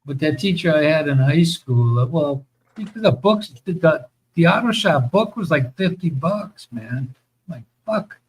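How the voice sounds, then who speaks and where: A man's voice: fairly high pitch, lively intonation, measured pace, husky, low-quality recording. A man telling rambling, profane stories about his school days in a casual chat, laughing as he goes.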